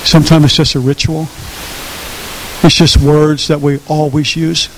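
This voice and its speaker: A male pastor preaching a sermon in an animated way, repeating phrases and asking his listeners questions, in a reverberant hall with faint hiss. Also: a little high, measured pace. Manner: animated, repetitive, asks the audience questions.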